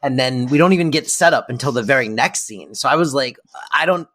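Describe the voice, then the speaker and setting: A podcast co-host in casual chat, talking haltingly with false starts while critiquing an episode. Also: medium pitch, animated, fairly bright tone. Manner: hesitant, restarts while critiquing.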